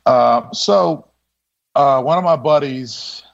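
A military veteran with a gravelly, creaky voice tells stories in a loose, conversational way. He laughs easily and acts out other people's lines as he goes. The recording sounds dull and lo-fi. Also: medium pitch, slow pace. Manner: laid-back, laughing, full of quoted dialogue. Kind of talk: casual storytelling interview.

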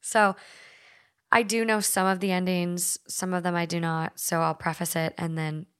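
A woman's voice: lowish voice, flat delivery, moderate pace, smooth. A woman from Minnesota hosting a podcast, chatting loosely and reading stories aloud, with lots of "like" and frequent swearing. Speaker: podcast host.

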